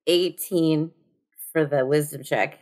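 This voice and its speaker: A woman with a notably low voice plays a tabletop game. She chats in a playful, offhand way and laughs easily between rolls. The tone stays casual throughout. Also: fairly even intonation, takes it slowly, a little mellow. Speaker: player.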